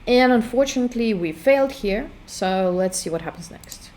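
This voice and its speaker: A woman giving casual walkthrough commentary on her own game, thinking aloud with hesitant pauses. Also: fairly high pitch, animated, darkish tone. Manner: hesitant, full of fillers and restarts while thinking aloud. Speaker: game creator demonstrating her work.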